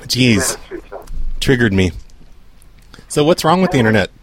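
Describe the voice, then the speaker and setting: A man's voice: mid-range voice, big pitch swings, a little slow, noisy background. A man making a prank call, stammering and whining in mock hurt. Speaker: prank caller.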